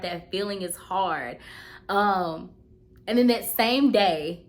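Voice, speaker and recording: A woman's voice: mid-range voice, takes it slowly. A woman, talking heartfelt and earnest in a casual vlog, repeating herself for emphasis. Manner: heartfelt, earnest, repeats phrases, gets choked up. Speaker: vlogger.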